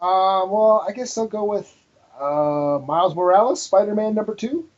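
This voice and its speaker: A man co-hosting a podcast, talking casually and hesitantly about a comic book with many pauses and fillers. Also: sits high, lively intonation, a little mellow, highs cut off. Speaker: podcast co-host.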